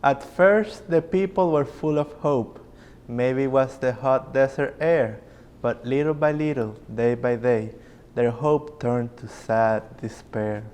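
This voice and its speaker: Moses, a tired leader worn down by his grumbling people, as a man plays him, tells his story at an unhurried, measured pace. His mid-range voice carries a long hall reverb from a concert stage. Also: medium pitch, a little mellow, natural voice. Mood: weary. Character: weary adult male Moses leading grumbling people. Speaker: narrator and Moses in a musical. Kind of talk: stage musical narration.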